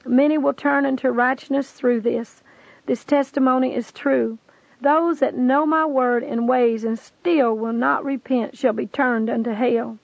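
A woman voicing Jesus as a solemn, loving, gently commanding male voice, on a dry lo-fi tape recording. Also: high voice, steady tone, a little slow, gravelly, no room sound, full character voice.

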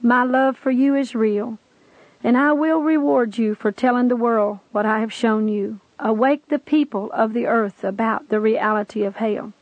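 A woman voicing Jesus as a solemn, loving, gently commanding male voice, on a dry lo-fi tape recording. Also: fairly high pitch, fairly even intonation, normal speed, no echo, close to an everyday voice.

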